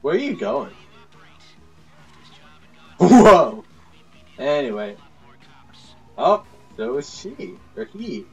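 A man doing let's play commentary, excitable and laughing, yelling at his teammates. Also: high voice, extremely slow, creaky, long pauses, breathy edge, recorded from a distance, muffled recording, faint music behind. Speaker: gaming YouTuber.

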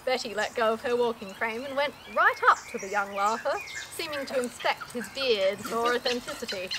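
A woman's voice: fairly high pitch, normal speed, background noise. A woman reading a comic story aloud in an amused, playful way. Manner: amused, often laughing between lines.

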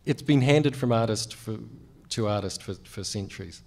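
A man's voice: fairly low pitch, normal speed, darkish tone. A man with a New Zealand accent, a cartoonist chatting on a convention panel in a wry, self-deprecating way with lots of fillers.

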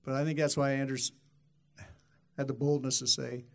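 A man's voice: medium pitch, little pitch movement, moderate pace, vocal fry. A man preaching a sermon in an emphatic, repetitive way, often restarting phrases and acting out quoted voices.

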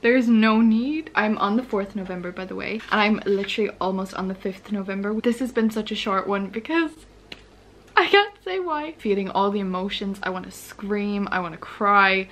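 A young woman talks straight to camera in a casual vlog from home. She gushes, swears freely and lets her emotions run high. Her voice sits at a middle pitch. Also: normal speed, a bit bright. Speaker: book vlogger.

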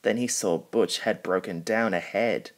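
A man reading a children's storybook aloud, slowly and carefully. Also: fairly low pitch. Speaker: storybook reader. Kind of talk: storybook narration.

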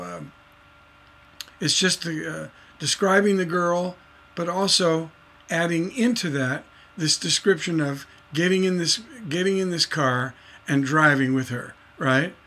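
Man teaching songwriting, slightly high voice. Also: pushed and bright. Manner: explains with many fillers and restarts, sings out rhythms in nonsense syllables. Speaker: songwriting instructor. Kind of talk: livestreamed songwriting lesson.

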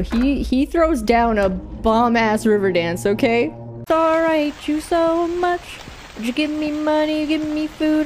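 A woman streaming a game, talking to herself in a playful, sing-song way and getting loud and excited. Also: high voice, a little hiss or hum. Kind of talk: casual gaming stream commentary.

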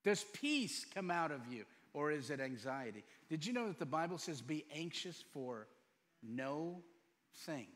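A middle-aged man preaching a sermon as pastor, firing off rhetorical questions and moving between loud emphatic lines and quiet storytelling. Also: on the high side, big pitch swings, measured pace. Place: church sanctuary. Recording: long hall reverb.

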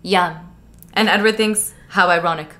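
A woman's voice: on the low side, moderate pace, a bit bright. A woman co-hosting a casual book club podcast. She giggles often and reads passages aloud with dramatic flair. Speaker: podcast co-host.

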